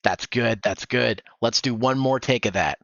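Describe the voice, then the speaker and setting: A man's voice: mid-range voice, normal speed, gravelly, a bit bright, dry recording. Man, workshop host, encouraging director, headset mic, muffled, dry. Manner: encouraging, directs with demo readings. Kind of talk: instructive streaming chat. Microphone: gaming headset mic. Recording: dull, dry headset audio.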